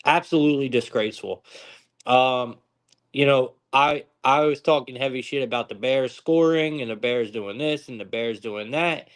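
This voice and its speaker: A man's voice: medium pitch, moderate pace, smooth. A young man hosting a live sports-betting stream, talking casually with frequent swearing and exasperated outbursts. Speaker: sports betting show host.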